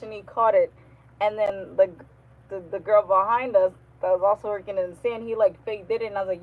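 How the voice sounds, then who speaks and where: Brief: woman streamer, casual slangy storytelling, lots of laughs, muffled low-fi mic. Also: a little fast. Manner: animated, slangy, laughs often, acts out quotes. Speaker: livestream host.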